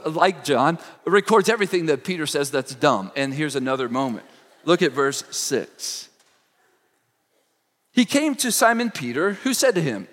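Male pastor, expressive sermon delivery, reverberant sanctuary sound. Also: high-pitched. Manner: expressive preaching, acts out quoted lines.

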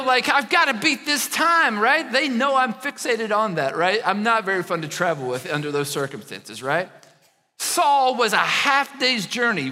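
A man preaching a sermon in a church, animated and conversational, often checking in with the congregation. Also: extremely high pitch, big-room sound. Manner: animated preaching with frequent "right?" asides. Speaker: pastor.

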